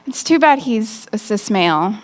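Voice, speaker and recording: Brash woman doing stand-up, lively pitch. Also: moderate pace, heavy background noise. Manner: brash, frank, conversational delivery. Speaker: stand-up comedian. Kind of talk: stand-up comedy set. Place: nightclub stage.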